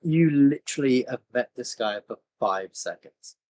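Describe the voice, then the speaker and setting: A woman's voice: extremely low pitch, animated, moderate pace, mellow, rough recording. A woman player in a tabletop game with a dry, teasing manner. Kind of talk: casual tabletop play.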